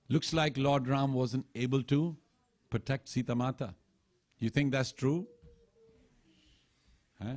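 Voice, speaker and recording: Speaking slowly with frequent pauses, a man with a mid-range, darkish voice gives a sermon in a temple hall. He tells stories from scripture and acts out what the characters say.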